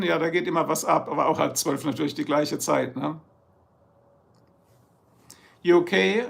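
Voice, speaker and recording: A livestream host with a German accent chats loosely with his viewers and greets them. His voice is heavy with fry and gravel. It sits a little high for a man. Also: moderate pace. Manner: switches between German and English, reads out viewer locations. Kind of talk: casual live chat with viewers.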